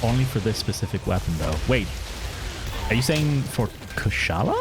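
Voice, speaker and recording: A man streaming a video game, giving casual commentary in a dry, flat-sounding way. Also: mid-range voice, normal speed. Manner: self-described monotone, dry and offhand. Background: game music.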